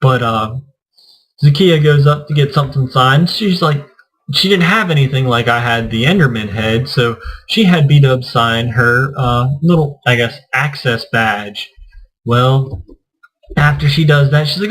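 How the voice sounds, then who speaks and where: A mid-pitched male voice with a fairly bright tone moves at a measured pace as a gaming channel host spins a rambling convention story, imitating others' words. It's a low-quality recording.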